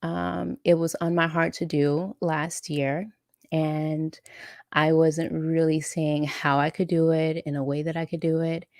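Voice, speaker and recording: A woman's voice: sits low, level tone, measured pace, a little mellow, no echo, studio quality. A woman hosting a casual live chat and reading out viewer comments, emotional and laughing often. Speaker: live-stream host and coach.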